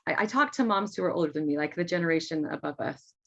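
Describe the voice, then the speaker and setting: A woman's voice: low-pitched, animated, fast talker, vocal fry, fairly bright tone. A middle-aged mother talking earnestly as a podcast guest, often laughing. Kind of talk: casual interview talk. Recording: dull lo-fi sound.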